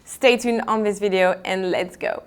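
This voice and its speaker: A young woman in her twenties speaks English with a clear French accent, since French is her first language. Her pitch sits in the middle range. She chats casually and a bit apologetically, laughs easily, and restarts her sentences as she talks to her viewers. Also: steady tone, moderate pace. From France. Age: 20s. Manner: chatty, apologetic, laughs often, repeats herself. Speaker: vlogger. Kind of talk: casual unboxing vlog talk.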